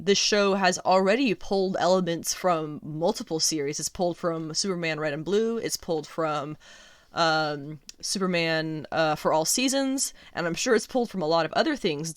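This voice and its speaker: A woman's voice: lowish voice, a bit bright, no room sound, studio quality. A woman hosting a comics podcast in a casual solo commentary, rambling and opinionated with many fillers and restarts. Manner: opinionated, emphatic.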